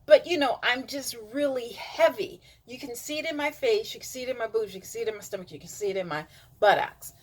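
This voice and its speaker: Talking to her camera, a middle-aged vlogger rambles through a personal story packed with fillers. Her voice is fairly high and darkish in tone, the pace quick, and she drops to a whisper whenever she quotes someone else.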